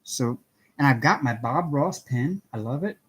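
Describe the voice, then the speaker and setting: A man's voice: medium pitch, lively intonation, measured pace, breathy edge. A middle-aged man hosting a casual craft livestream from home, chatting with viewers, greeting them by name and laughing often. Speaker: livestream host.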